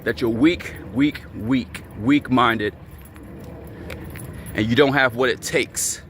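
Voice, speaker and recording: A man's voice: medium pitch, slow, a bit bright, slight background noise. Angry man ranting at his camera. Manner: angry, repetitive and profane. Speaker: channel host.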